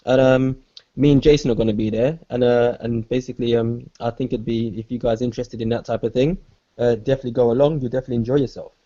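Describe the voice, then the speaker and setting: A man's voice: mid-range voice, steady tone, fast, dark tone. A man co-hosting a casual podcast, talking in a hesitant way with many fillers. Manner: hesitant, filler-heavy plug. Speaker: podcast co-host. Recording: dull lo-fi audio.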